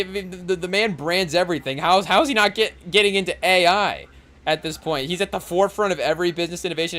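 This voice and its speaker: A man's voice: a little high, fairly bright tone. A young man hosting a podcast in casual chat while watching a live game, rambling and often saying "hey, yo" and addressing the chat. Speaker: podcast host.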